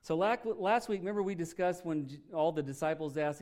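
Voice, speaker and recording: A man's voice: fairly high pitch, a little fast, a little mellow. A male pastor preaching a sermon in an emphatic, folksy way, firing rhetorical questions at his congregation.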